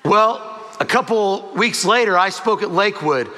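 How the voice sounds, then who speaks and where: High, bright-voiced man preaching. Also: normal speed. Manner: emotional storytelling, quoting dialogue. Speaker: pastor. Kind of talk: sermon testimony. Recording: hall reverb.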